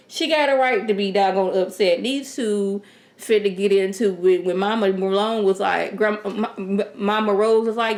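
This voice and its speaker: A woman casually reviewing a TV episode in a sassy, animated, rambling way. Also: medium pitch, moderate pace. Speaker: TV show reviewer. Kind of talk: casual chat.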